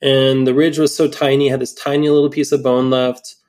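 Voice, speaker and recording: A man casually telling a story about a surgical mistake, animated and quoting his own reactions. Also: mid-range voice, normal speed. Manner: animated storytelling with quoted inner voice, swearing. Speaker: implant dentist telling a case story. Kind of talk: casual podcast chat.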